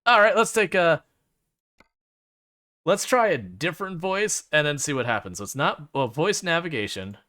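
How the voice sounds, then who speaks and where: A man's voice: a little high, expressive, moderate pace, pushed and bright. A man chatting casually to his chat while streaming a driving game, rambling with lots of fillers and playfully mocking the game.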